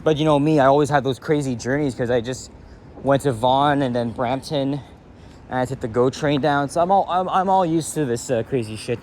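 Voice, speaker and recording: With a medium-pitched, slightly mellow voice, a man from Canada talks a little fast while walking a city street at dawn. The casual commentary wanders, full of fillers and a swear word here and there. His handheld camera mic picks up faint street noise outside.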